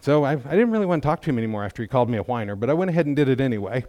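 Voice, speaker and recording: A man's voice: medium pitch, big pitch swings, rapid-fire, mellow, no echo. A middle-aged man giving a testimony in church, talking in a folksy, conversational way with self-deprecating humor. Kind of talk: sermon testimony.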